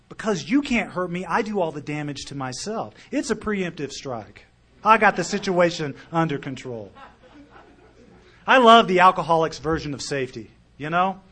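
A middle-aged man stands before a meeting and tells his recovery story in an earnest, heartfelt way. His voice sits a little above the usual male pitch, and he swings from quiet, close moments to loud, punchy lines. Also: breathy edge. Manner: earnest, emotional storytelling with big swings in loudness. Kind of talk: recovery talk to a live audience.

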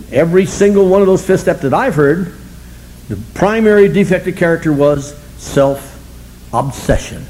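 A slightly high but dark-toned male voice belongs to an older man recounting his story to a recovery meeting. He's self-mocking and blunt, with colorful language and frequent chuckles. There's slight background noise on a rough recording.

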